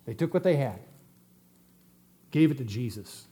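A middle-aged man preaching a sermon as pastor, swinging between loud emphatic stresses and quiet asides. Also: mid-range voice, animated, unhurried.

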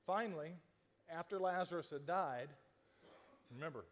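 A man's voice: fairly high pitch, moderate pace, big-room sound. A man preaching a sermon as a pastor, telling the story conversationally and acting out the quoted lines, with frequent restarts.

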